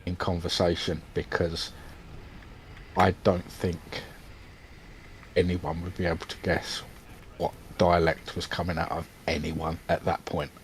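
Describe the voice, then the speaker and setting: Low-pitched British male co-host, casual and halting, heavy on fillers. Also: flat delivery, slight background noise, rough recording. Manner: hesitant, lots of ums and restarts. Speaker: podcast co-host. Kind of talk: casual chat.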